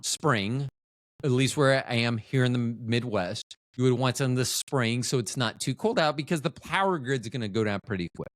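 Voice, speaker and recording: A man's voice: medium pitch, moderate pace, no room sound, studio quality. A man hosting a casual solo podcast, rambling and joking with offhand profanity, often cutting himself off mid-thought. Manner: rambling, self-interrupting, trails off mid-thought. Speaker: podcast host.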